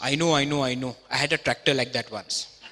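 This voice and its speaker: A man's voice: medium pitch, steady tone, a little fast, bright, forceful tone, a little hiss or hum, pitched below the performer's own voice, natural voice. A man doing a sly old-school Indian farmer. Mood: deadpan. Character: proud rural Indian male farmer, sly. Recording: reverberant auditorium.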